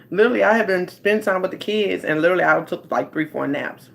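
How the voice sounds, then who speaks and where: A woman's voice: on the low side, lively intonation, fairly quick, vocal fry. A woman, a life coach hosting a casual livestream from home on her phone. She rambles and talks straight to her viewers.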